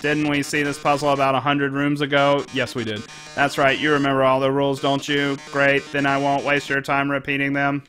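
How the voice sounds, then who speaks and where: A man's voice: medium pitch, completely flat delivery, brisk, a bit bright, natural voice. A man voicing a flamboyant, dramatic male robot TV star in a video game, drawing out "darling" with theatrical flair. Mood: gloating.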